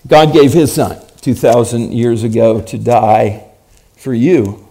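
A male preacher telling a story in a sermon, dramatic and at times building to loud emphasis. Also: medium pitch, takes it slowly, vocal fry.

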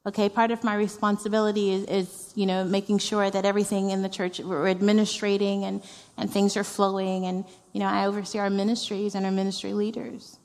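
A woman's voice: medium pitch, level tone, fairly quick, darkish tone. A woman executive pastor giving a heartfelt, conversational sermon, repeating phrases for emphasis. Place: church sanctuary. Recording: reverberant church hall.

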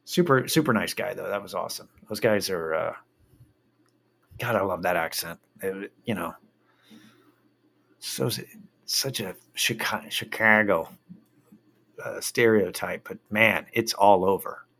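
A man's voice: deep voice, a little slow, gravelly, pauses often, fairly bright tone. A man telling a rambling story in a casual monologue, swearing freely and drifting into a rant.

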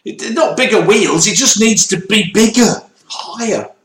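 A man's voice: sits high, unhurried, fairly bright tone. A middle-aged man co-hosting a casual livestream, telling jokey stories and laughing as he goes. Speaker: co-host. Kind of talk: casual banter on a livestream show. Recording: roomy echo.

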